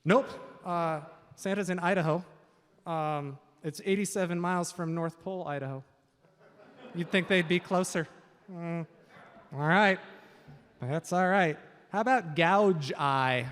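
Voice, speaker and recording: The quiz host, a man from Washington state, has a slightly high, fairly bright voice that's clear and resonant, delivered at a measured pace with many pauses. He's upbeat and jokey on a stage mic, and the large event hall sounds reverberant.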